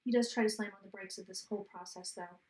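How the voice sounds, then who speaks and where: A woman psychic giving a reading, rattling off predictions in a rapid, run-on way and repeating points for emphasis. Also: mid-range voice, fairly even intonation, a little mellow, reverberant. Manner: rapid run-on delivery, talking like an auctioneer; emphatic, repeating lines for stress. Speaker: psychic reader. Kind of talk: live tarot reading.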